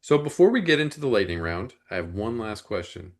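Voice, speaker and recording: A man hosting an interview and asking questions in a relaxed, easygoing way. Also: on the low side, fairly quick. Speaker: interview host. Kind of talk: casual interview talk.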